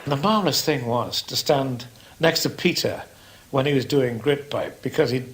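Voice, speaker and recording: A man reminiscing with admiration as an interviewee, in a measured way. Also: mid-range voice, vocal fry, low-quality recording.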